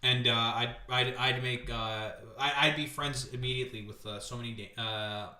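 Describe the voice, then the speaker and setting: Sarcastic, profane streamer. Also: male voice, mid-range voice, steady tone, normal speed, sharp tone. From Canada. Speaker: streamer host. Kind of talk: casual political commentary. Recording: roomy echo.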